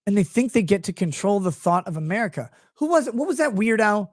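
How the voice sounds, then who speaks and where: A man hosting a show in a profane, sarcastic rant, mocking people and slipping into quick impressions of them. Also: high-pitched, very animated, no echo, studio quality. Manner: slips into mocking impressions of others. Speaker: show host. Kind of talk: profane live-stream rant.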